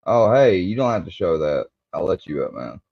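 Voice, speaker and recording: A man's voice: low voice, big pitch swings, normal speed, gravelly, no room sound. A man hosting a livestream, ranting in an angry, profane, confrontational way. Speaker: livestream host. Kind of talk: heated livestream rant. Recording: dull lo-fi stream audio.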